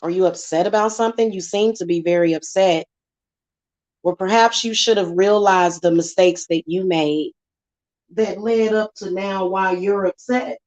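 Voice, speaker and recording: A woman's voice: mid-range voice, moderate pace, a little mellow. A woman, hosting a casual, sassy monologue with many fillers. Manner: chatty, sassy, repetitive fillers. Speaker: spiritual channel host. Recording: dull lo-fi sound.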